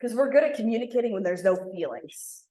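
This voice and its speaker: A woman leading an interactive communication workshop for a live group, acting out example lines with lively emphasis. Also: on the high side, fast talker. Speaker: workshop facilitator. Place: room with live audience. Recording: echoey room.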